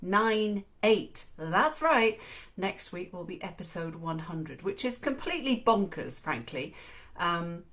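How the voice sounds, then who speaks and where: A woman hosting a book podcast, introducing the episode in a chatty, cheerful way, with small fillers and self-corrections. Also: lowish voice. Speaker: podcast host and reader.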